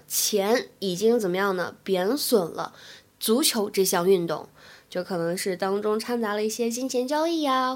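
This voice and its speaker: A young woman, an English teacher, explaining phrases patiently and drilling them slowly in a spoken lesson. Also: medium pitch.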